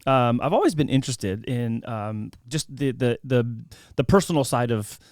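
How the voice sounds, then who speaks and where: A man's voice: medium pitch, animated, moderate pace, no room sound, clean studio sound. A man hosting a casual interview, asking questions in a friendly, upbeat way with many fillers. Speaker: host.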